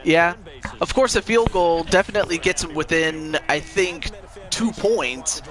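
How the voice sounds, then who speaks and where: Bright-voiced man calling plays in a football game. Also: on the high side, unhurried. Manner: calls plays, hesitant fillers. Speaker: co-commentator. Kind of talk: casual play-by-play of a video game.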